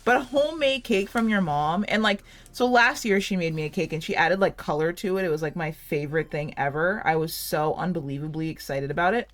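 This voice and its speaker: A woman's voice: fairly low pitch, fairly quick, few pauses. Chatty giggly woman in her late twenties. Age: late 20s. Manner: chatty, giggly, rambling, heavy use of "like". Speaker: gaming channel host. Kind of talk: casual chat over gameplay.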